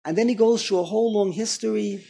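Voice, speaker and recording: A man teaching a Torah lesson, impassioned, with halting restarts that build to loud emphatic peaks. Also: high-pitched, creaky. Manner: halting restarts and repeated words.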